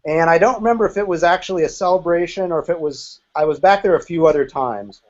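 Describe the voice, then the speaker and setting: Fast and darkish in tone, a high-leaning male voice comes through a muffled recording. It belongs to an interview guest in his fifties, a former group member recounting his story candidly and occasionally profanely.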